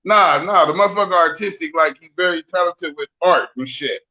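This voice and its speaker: A bright, high-pitched man in his forties trades profane, joking stories in loose podcast banter. The sound is a little dull and lo-fi. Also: fairly quick. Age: 40s. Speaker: podcast co-host.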